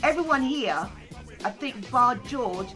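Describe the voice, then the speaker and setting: A woman's voice: sits high, animated, slow pace, sharp tone, faint music behind. A woman hosting a casual group chat, prompting her guests to share stories. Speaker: host.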